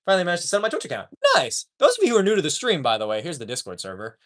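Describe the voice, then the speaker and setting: A male streamer talks casually to his live chat in a profane, joking way. His voice sits a little high and swings up and down in lively bursts. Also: racing.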